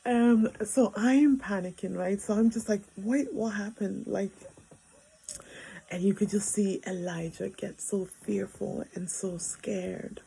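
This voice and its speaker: A woman's voice: mid-range voice, fairly even intonation, takes it slowly, creaky, warm tone, husky, poor audio. A woman in her thirties, a mother telling a family story in a casual, rambling way with many fillers, recorded in a bedroom. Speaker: vlogger, mother.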